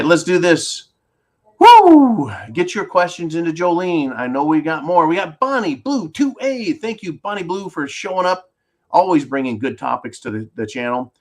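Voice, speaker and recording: Ranting man hosting a commentary show. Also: on the high side. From California. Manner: combative, ranting, sarcastic. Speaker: channel host reading viewer comments. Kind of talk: political commentary livestream.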